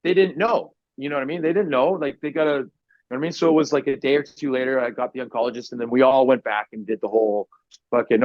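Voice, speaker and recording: A man's voice: mid-range voice, steady tone, fast talker, a little mellow, no echo. A man guest on a podcast, telling his story in a blunt, profane, casual way with easy laughs. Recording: dry, slightly muffled podcast audio.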